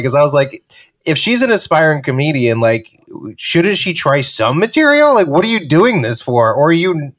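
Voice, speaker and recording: A man, a stand-up comedian, telling stories in casual chat with animated quotes. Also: a little high, normal speed. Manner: animated storytelling, loud acted quotes.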